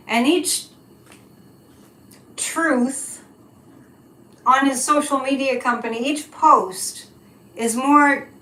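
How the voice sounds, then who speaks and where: A woman's voice: fairly high pitch, a bit bright, slight background noise. A woman hosting a psychic livestream in casual chat, reading viewer comments and speaking in an indignant, emphatic way. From United States. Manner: indignant, emphatic, slow and deliberate. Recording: echoey room.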